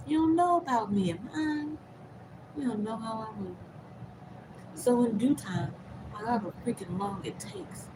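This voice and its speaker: A woman talking straight to her viewers in a casual, emphatic vlog monologue, moving between loud, swearing outbursts and hushed, half-whispered asides. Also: fairly high pitch, a little slow, long pauses, noisy background. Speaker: vlogger, host of her own channel.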